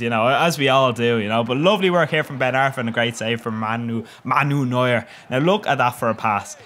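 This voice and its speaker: A man's voice: medium pitch, a bit bright, slight background noise. Sweary young man commenting on a game. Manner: cheeky, sweary, laughs often. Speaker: gaming commentator. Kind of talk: casual gameplay commentary.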